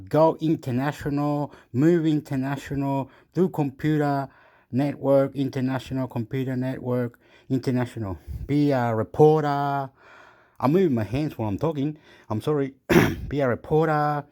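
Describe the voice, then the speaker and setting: A man's voice: medium pitch, darkish tone. A man hosting his own channel in a rambling casual monologue, full of restarts and unfinished thoughts. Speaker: channel host.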